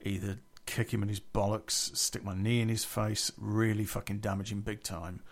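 A man's voice: fairly low pitch, flat delivery, normal speed, vocal fry. A man telling a personal story in a blunt, casual way, swearing heavily.

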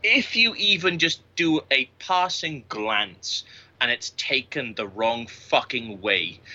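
A man's voice: mid-range voice, pushed and bright, highs cut off. A man in his late thirties, a podcast guest, telling crude, boastful anecdotes full of swearing in casual chat. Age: 30s. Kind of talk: casual storytelling.

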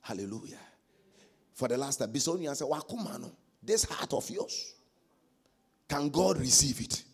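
A man preaching a sermon as pastor, swinging from quiet asides to loud shouted exhortation. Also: fairly high pitch, sing-song, moderate pace, creaky, breathy edge.

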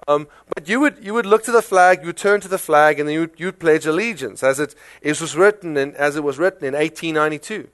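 A man with a South African accent preaching a sermon in a conversational, animated way, full of rhetorical questions. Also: on the high side, smooth, dry recording. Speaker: pastor.

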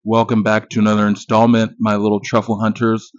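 A man's voice: fairly low pitch, monotone, fairly quick, no room sound. A man in his thirties hosting a podcast, giving a casual, profane and jokey movie review monologue full of boasts. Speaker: podcast host. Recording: dull lo-fi dry recording.

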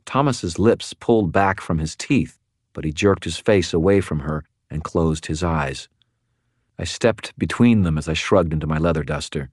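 A man giving measured, even first-person audiobook narration. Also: low-pitched, no echo, studio quality.

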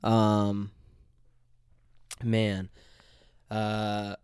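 A congested, nasal young man hosts a laid-back solo podcast, with a smooth voice despite the stuffiness. He rambles, hesitates and restarts his sentences, and he sounds close to the mic in a dry, dead room. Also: fairly low pitch, monotone, very slow, a little mellow, no echo. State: congested from allergies. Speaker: podcast host.

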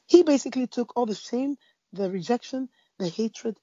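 A woman preaching in conversation, spinning a story with plenty of restarts and fillers. Her voice sits a bit high and sounds husky and mellow. The recording is dry and somewhat dull. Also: lively intonation, moderate pace, no room sound. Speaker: Christian speaker.

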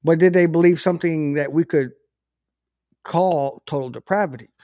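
A man's voice: fairly high pitch, moderate pace, mellow, no room sound, clean studio sound. A man giving an informal Bible teaching, talking conversationally with frequent restarts and self-corrections.

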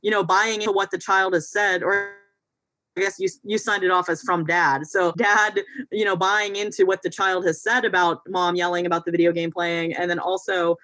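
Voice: medium pitch, flat delivery, normal speed, pushed and bright, no echo. A family law attorney explaining things in a casual podcast chat, hedging often with fillers. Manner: explanatory, hedging with frequent "you know" and "like".

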